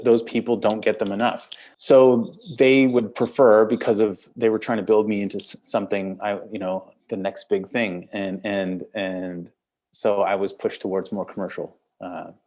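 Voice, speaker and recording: A man's voice: lowish voice, darkish tone. A man with a Canadian accent, a film director talking casually in an interview, rambling and repeating words as he thinks. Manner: rambling, repeats words, laughs between thoughts.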